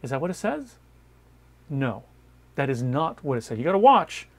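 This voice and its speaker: A man preaching a Bible study sermon in an emphatic way, repeating key phrases and moving between loud stresses and quiet asides. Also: medium pitch, big pitch swings, normal speed. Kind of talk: sermon-style Bible teaching.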